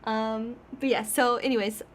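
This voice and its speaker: A woman's voice: a little high, steady tone, normal speed, slight background noise. A young woman streaming, chatting casually and rambling with frequent laughs. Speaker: VTuber streamer.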